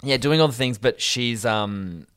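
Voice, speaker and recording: This is a young man co-hosting a podcast, chatting casually at a measured pace. His tone is clean, with no room sound and studio-quality audio. Telling stories animatedly, he swears and breaks into high, mocking voices.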